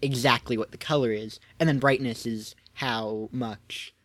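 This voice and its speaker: A man co-hosts a casual podcast, walking through an explanation with hesitant restarts. His voice sits in a middle pitch. The sound is dry and close. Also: steady tone, a little slow, dry recording. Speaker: podcast co-host.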